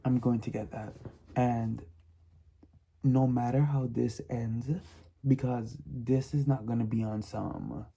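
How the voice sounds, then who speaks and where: Man, book vlogger, emphatic and repetitive, unhurried delivery, mellow low-key tone. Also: fairly even intonation, gravelly, slightly rough. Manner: emphatic, repeats himself, laughs often, drops to whispers. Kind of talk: casual reading vlog.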